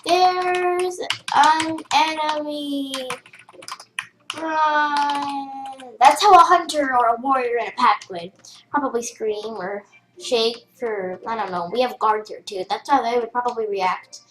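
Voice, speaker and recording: High-voiced young girl rambling in an echoey room. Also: moderate pace, fairly bright tone. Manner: chatty, rambling with fillers and restarts. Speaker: game tutorial host. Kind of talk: casual screen-recorded tutorial. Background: keyboard typing.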